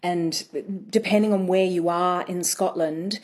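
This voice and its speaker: Low-voiced woman accent coach explaining. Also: fairly even intonation, darkish tone. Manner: measured, explanatory, with frequent ums. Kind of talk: explaining as radio guest.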